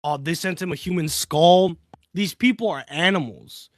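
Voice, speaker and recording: A man's voice: fairly high pitch, normal speed, dry recording, clean studio sound. A man co-hosting a casual podcast chat, rambling with lots of filler words. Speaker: podcast co-host.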